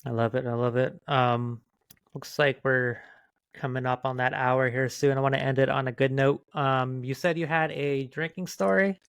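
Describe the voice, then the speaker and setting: A man's voice: mid-range voice, little pitch movement, normal speed, creaky, fairly bright tone, smooth, dry recording. A man hosting a casual podcast, affirming his guest in an easygoing way and steering the talk. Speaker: podcast host. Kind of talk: casual chat.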